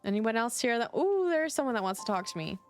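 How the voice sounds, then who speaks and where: A woman's voice: fairly high pitch, sing-song, fast, soft background music. Chatty woman streaming a cozy game. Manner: chatty, giggly. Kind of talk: casual game commentary.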